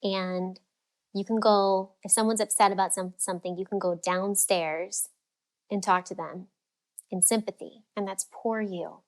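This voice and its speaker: A woman speaking as a guest coach in a casual podcast interview, talking in a lively way and acting out the voices of people she quotes. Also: mid-range voice, a little slow. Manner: animated, acts out quoted voices. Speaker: freedom and fulfillment coach, guest.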